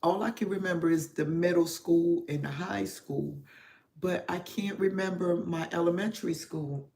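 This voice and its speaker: A middle-aged woman giving a confessional livestream talk as a spiritual therapist, getting emotional and speaking slowly and reflectively with many pauses and fillers. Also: on the low side, dark tone.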